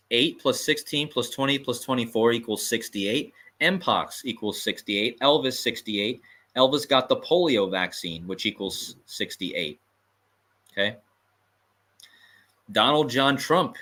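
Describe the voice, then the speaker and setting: Bright-voiced man hosting a livestream. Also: medium pitch, measured pace, pauses often. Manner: conspiratorial, emphatic, repeats points, chuckles. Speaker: host. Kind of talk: livestream commentary.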